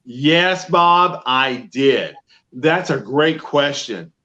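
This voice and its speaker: Man telling an animated story. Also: medium pitch, very slow, highs cut off. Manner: animated storyteller, acts out both sides of phone calls. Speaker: professional Santa Claus, guest. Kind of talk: casual interview chat.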